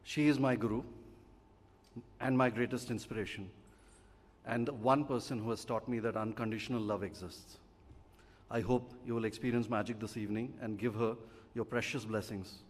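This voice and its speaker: A man, a father giving a measured, heartfelt prepared speech at a stage event. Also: mid-range voice, fairly even intonation. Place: large auditorium. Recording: long reverb of a live auditorium.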